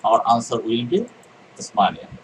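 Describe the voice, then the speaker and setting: A man's voice: medium pitch, very animated, moderate pace, far from the mic, a little hiss or hum, poor audio. A man teaching an exam reading lecture, repeating key words and answering his own questions. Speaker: IELTS teacher. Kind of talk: recorded exam-prep lecture.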